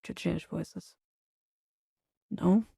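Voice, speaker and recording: A woman streaming a video game, giving low-key, wry and exasperated commentary. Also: steady tone, extremely slow, vocal fry, mellow, slightly rough, dry recording. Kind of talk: casual live-stream commentary.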